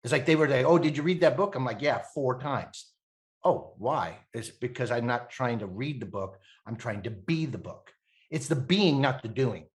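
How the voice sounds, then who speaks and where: A man in his fifties from Canada, a podcast guest telling animated stories, laughing often and acting out the voices of people he quotes. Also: mid-range voice, normal speed. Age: 50s. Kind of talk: animated storytelling.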